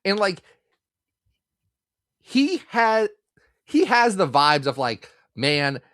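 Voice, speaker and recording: A man co-hosting a casual comics podcast, jokey and animated, often dropping into silly quoted voices. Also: high-pitched, very slow, no echo, studio quality. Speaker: podcast co-host.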